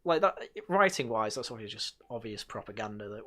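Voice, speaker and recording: A man's voice: lowish voice, animated, a little fast, sharp tone. Sarcastic man hosting a review stream. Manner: sarcastic, frequent fillers and sighs, mocks by quoting. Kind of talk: casual sardonic review chat.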